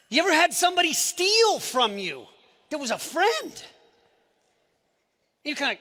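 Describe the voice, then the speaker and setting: A man giving an emotional presentation on stage at a live company event, swinging between shouted lines and hushed asides. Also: extremely high pitch, very animated, brisk, long pauses. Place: event stage before an audience.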